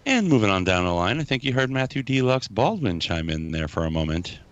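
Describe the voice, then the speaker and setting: A man's voice: lowish voice, very animated, fairly quick, dull audio. A man hosting a podcast in casual chat, giggling and teasing his co-hosts. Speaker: podcast host.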